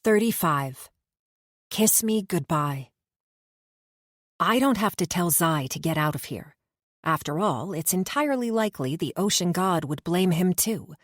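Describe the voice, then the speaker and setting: Low-voiced woman narrating an audiobook. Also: animated, unhurried, no echo, clean studio sound. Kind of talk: first-person audiobook narration.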